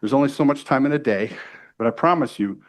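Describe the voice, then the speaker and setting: A middle-aged man from the United States giving a live sales training to a room, energetic and pushy, often checking in with the audience. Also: medium pitch, quick pace. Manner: energetic, salesy, keeps asking "right?".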